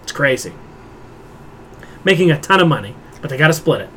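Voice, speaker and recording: A man with a slightly higher voice hosts a relaxed pop culture podcast. He tells stories with frequent laughter and then runs through figures in a loose, chatty way. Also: brisk, slight background noise. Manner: laughs a lot while telling stories. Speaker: podcast host. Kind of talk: casual chat.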